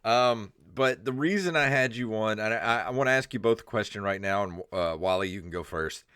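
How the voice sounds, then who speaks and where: A man's voice: lowish voice, fairly quick, a bit bright, clean tone, no echo. A man hosting a casual comedy podcast, rambling with fillers and laughing often. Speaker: podcast co-host.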